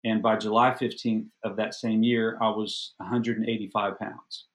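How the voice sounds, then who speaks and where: Animated middle-aged man telling a story. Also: on the low side, moderate pace. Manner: animated, self-deprecating, repeats words when excited. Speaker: podcast guest. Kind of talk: casual personal storytelling.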